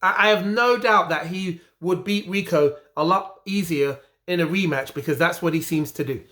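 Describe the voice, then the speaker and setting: A man's voice: a little high, moderate pace, bright, forceful tone. An English man ranting indignantly about a boxing result, repeating his points with emphatic frustration. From England. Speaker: boxing commentary vlogger. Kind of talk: heated opinion rant.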